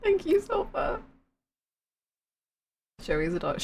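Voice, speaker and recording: Giggly, animated British woman streamer. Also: medium pitch, a little slow, slight background noise. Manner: giggly, bashful and animated, talks in bursts. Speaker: livestream host. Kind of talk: casual game stream chat, reading viewer comments.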